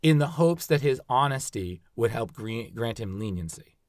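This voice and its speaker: A man's voice: mid-range voice, expressive, moderate pace. A man hosting a casual true-crime podcast, explaining the case with hesitant stops and restarts. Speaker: podcast host.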